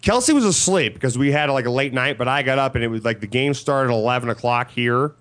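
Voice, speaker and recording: A man's voice: mid-range voice, animated, fairly bright tone. A man in his thirties in a casual chat, telling rambling stories with lots of fillers. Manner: rapid, rambling storyteller.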